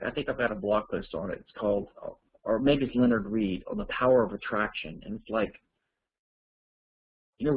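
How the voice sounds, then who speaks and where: A man's voice: lowish voice, creaky, husky, phone-quality sound. A man teaching an online course, answering listener questions in a rambling, conversational way as he thinks aloud.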